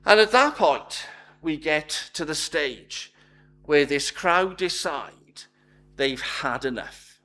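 A man's voice: high voice, very animated, slow, bright, forceful tone. A man preaching a sermon, emphatic, building his points in repeated lists.

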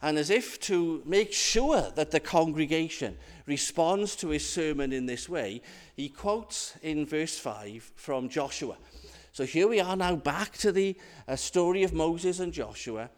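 A man preaching a sermon, slow and deliberate, with emphatic rhetorical questions. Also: a little high, expressive, long reverb tail.

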